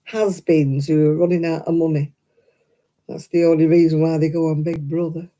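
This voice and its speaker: A woman's voice: deep voice, level tone, moderate pace, dark tone. An older woman with a thick Oldham accent, chatting casually with live viewers while she crochets, opinionated and laughing often. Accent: Oldham, Lancashire. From Oldham, England. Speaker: crochet livestream host. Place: home, crafting at a table.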